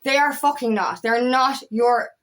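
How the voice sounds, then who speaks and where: A woman's voice: on the high side, unhurried, a bit bright. A woman coach giving a blunt, heated motivational talk, swearing often and leaning on fillers like "you know what I mean.". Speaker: empowerment coach. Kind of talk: casual motivational talk to camera.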